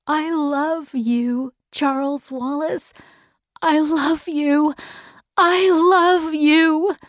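A woman's voice: sits high, fairly even intonation, drawn-out words, no room sound, studio quality, pitched above the performer's own voice. A woman voicing a teenage girl who pleads with emotion in a storybook reading. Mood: tearful. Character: teenage girl, desperate and loving.

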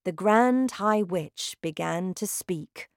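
A woman narrating a children's storybook aloud in a slow, deliberate, expressive way. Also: fairly low pitch, clean tone, no echo, studio quality. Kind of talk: storybook reading.

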